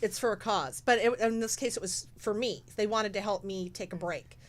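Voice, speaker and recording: A woman's voice: mid-range voice, normal speed. A woman guest in casual chat who organizes charity shows, talking in a rambling, emotional way and acting out what others said. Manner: rambling, emotional, acts out quotes.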